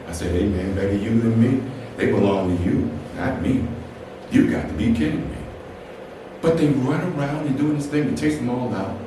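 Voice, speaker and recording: A man telling a funny personal story to an audience, acting out the people in it with laughter. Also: on the low side. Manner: animated, acts out the people in his story with laughs. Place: storytelling event room. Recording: echoey room, voice from far off, ambient noise.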